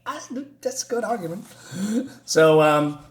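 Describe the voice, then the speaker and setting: A man's voice: high-pitched, lively intonation, slow. A man casually reviewing a comic book on his channel, talking in a loose, hesitant, rambling way as he recaps the story.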